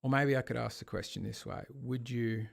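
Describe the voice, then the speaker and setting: A man's voice: mid-range voice, normal speed, vocal fry. A man hosting a casual online debate, arguing in long, rambling runs of rhetorical questions. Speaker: host of an online discussion.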